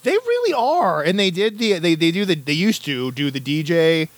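A man's voice: on the high side, normal speed, no room sound. A man co-hosting a casual podcast chat, rambling and joking as he tells stories. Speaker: podcast co-host.

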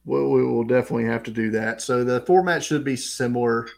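A man's voice: mid-range voice, brisk, vocal fry. Easygoing Southern man co-hosting. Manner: relaxed, many fillers. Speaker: podcast co-host. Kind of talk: casual sports chat.

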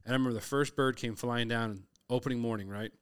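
A man's voice: mid-range voice, fast talker, smooth. A middle-aged man from Southern California, a hunter, telling stories in casual conversation and acting out the quotes. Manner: lively storyteller who acts out quotes.

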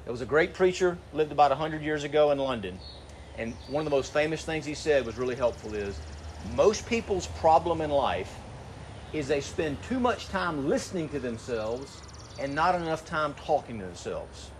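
Middle-aged pastor preaching conversationally. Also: male voice, on the high side, lively intonation, moderate pace, a little hiss or hum. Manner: conversational preaching with rhetorical questions. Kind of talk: sermon to graduating seniors.

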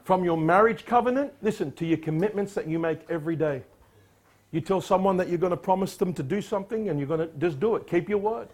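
A man preaching with a high voice, reading scripture in a loud, declamatory tone. Between readings he exhorts his listeners and his pitch jumps upward on the key words. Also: fast. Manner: emphatic, rising sharply on exhortations; reads scripture in a louder, declamatory voice. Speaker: pastor.

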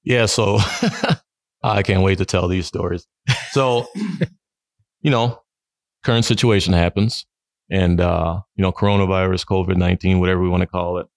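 A middle-aged man, a podcast guest, telling stories in a lively way, laughing often and acting out his friends' lines. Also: low voice, normal speed, creaky, pauses often, no room sound, studio quality. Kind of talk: storytelling in a podcast interview.

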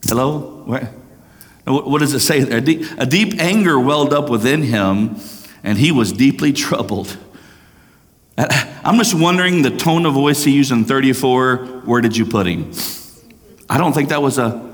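A man preaching a sermon as pastor, swinging between raised, urgent passages and hushed, slow ones. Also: mid-range voice. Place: church sanctuary. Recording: long hall reverb.

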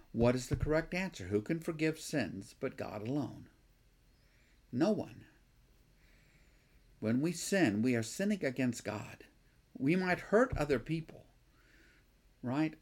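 A man preaching a sermon, thinking aloud, with rhetorical questions and frequent restarts. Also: mid-range voice. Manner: acts out the scribes' objections.

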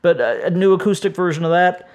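A man's voice: high voice, animated, quick pace, darkish tone. A middle-aged man hosting a music podcast, reviewing albums in a casual, enthusiastic and rambling way, tired and breaking off now and then to chuckle. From St. Louis, United States. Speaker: podcast host.

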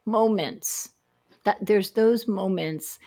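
A woman's voice: mid-range voice, takes it slowly, mellow. A woman hosting an interview, speaking in an emphatic, frank and encouraging way. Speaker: host. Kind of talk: interview chat.

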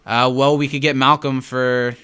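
A man's voice: medium pitch, little pitch movement, normal speed, sharp tone, clear, resonant tone. A man co-hosting a podcast, chatting casually and jokingly as he recaps a TV episode. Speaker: podcast co-host.

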